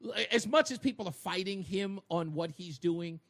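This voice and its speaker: A man hosting a talk radio show from a studio, bantering in an animated, joking way. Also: high-pitched, moderate pace.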